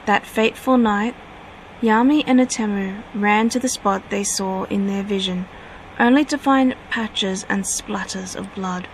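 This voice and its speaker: A woman reading her own fanfiction aloud at a steady pace, now and then correcting herself. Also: mid-range voice, unhurried, a little hiss or hum, poor audio.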